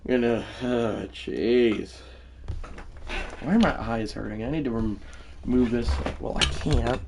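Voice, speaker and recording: A man's voice: mid-range voice, measured pace, creaky, background noise. A man live-streaming a video game, commenting on the play and talking to his chat in a rambling, easily irritated way. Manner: talks to chat, easily frustrated, rambling asides.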